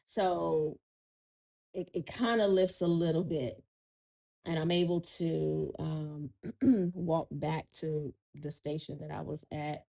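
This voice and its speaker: Lady chatting on a podcast, kinda low voice, tells it like a story. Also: steady tone, slow, gravelly, dark tone, rough recording. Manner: storytelling, addresses listeners as y'all. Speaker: podcast guest. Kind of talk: casual chat.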